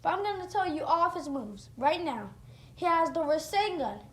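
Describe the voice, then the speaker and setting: A woman's voice: very high-pitched, sing-song, normal speed. A woman narrating an unscripted fan story in a rambling way, often correcting herself, recorded in a roomy space. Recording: roomy echo, faint noise.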